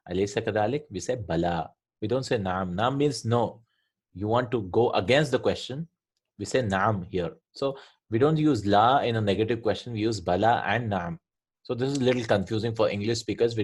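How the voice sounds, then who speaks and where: A man's voice: fairly low pitch, breathy edge. A man teaching an Arabic grammar lesson from a textbook, explaining each point and often checking with "right?".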